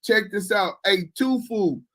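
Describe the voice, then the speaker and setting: A man's voice: sits high, unhurried, a bit bright, low-quality recording. A man hosting a podcast, giving profane and mocking reaction commentary on a clip he doesn't believe. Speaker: podcast host.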